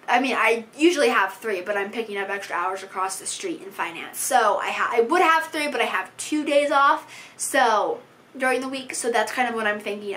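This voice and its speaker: A young woman talks straight to the camera in a loose, chatty vlog, jumping between thoughts with playful asides. Her voice is bright and clear and sits a little high for a woman. She sounds animated and easygoing. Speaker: language-learning YouTuber. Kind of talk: casual vlog chat.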